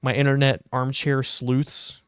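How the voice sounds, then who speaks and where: A young adult man hosting a podcast, telling a casual anecdote in a wry, animated way. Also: medium pitch, measured pace, smooth, no room sound, studio quality. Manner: animated, wry storytelling with quoted asides. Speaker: podcast host.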